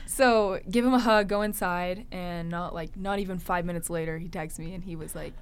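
A young woman tells a funny dating story in a relaxed, chatty way. She laughs often and acts out what each person said. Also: on the low side, moderate pace, clean tone. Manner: animated, laughing often, acts out quoted lines. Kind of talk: casual storytelling.

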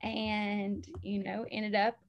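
A woman tells a deeply personal faith story as a guest. She speaks earnestly and with feeling, leaning on "like" and "um" as she goes. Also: flat delivery, slow, creaky, lo-fi sound. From Alabama, US. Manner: earnest, emotional storytelling with frequent "like" and "um". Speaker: interview guest.

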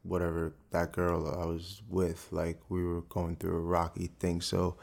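Young guy, deep voice, pretty flat, just chatting through his story with lots of likes. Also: a little slow, creaky. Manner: relaxed storytelling with many fillers. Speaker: guest, actor. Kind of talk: casual interview conversation.

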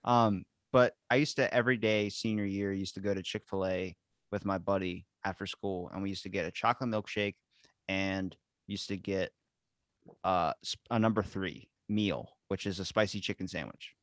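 A man hosting a podcast, telling stories in an animated way and swearing freely in casual chat. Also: sits low, moderate pace, no room sound, clean studio sound. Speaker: podcast host.

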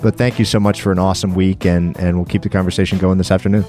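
Host wrap-up, low voice, fast delivery, faint music underneath. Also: male voice, flat delivery, darkish tone. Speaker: podcast host. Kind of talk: casual interview wrap-up.

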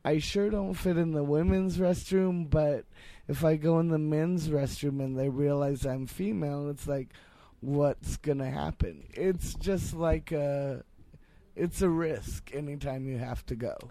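A man's voice: on the high side, unhurried, dark tone. A young trans man, a podcast guest, speaking earnestly and thoughtfully in casual chat.

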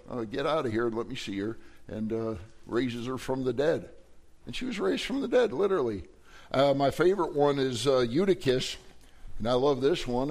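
A middle-aged man preaching from the pulpit at an ordinary mid pitch. He talks a congregation through Bible stories, jumping into quoted voices and back. The tone stays plain and conversational, with fillers between points. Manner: animated storytelling, acts out voices in quotes. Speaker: pastor. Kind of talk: sermon.

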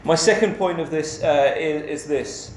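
Slow, echoey male preacher. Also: a little high, slight background noise. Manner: measured, emphatic delivery with rhetorical questions. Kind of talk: sermon. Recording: echoey church hall with faint ambience.

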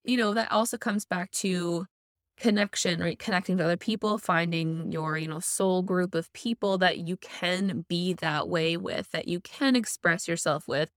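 A woman's voice: fairly low pitch, normal speed, no room sound, studio quality. A woman co-hosting a podcast, speaking reflectively and personally about her experience, with some hesitant restarts. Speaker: co-host. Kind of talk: casual podcast chat, reflective.

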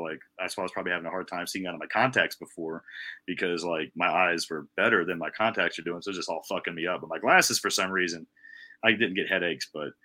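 A young man co-hosts a casual podcast, his voice low in pitch yet bright and forceful. He rambles through stories, swearing freely and dropping bro and dude as he goes. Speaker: podcast co-host. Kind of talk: casual chat.

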